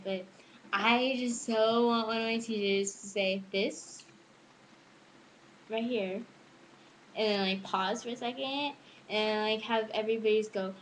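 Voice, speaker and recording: A woman's voice: a little high, slight background noise, poor audio. Chatty giggly teenage girl. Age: teens. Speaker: student vlogger. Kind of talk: casual chat to camera.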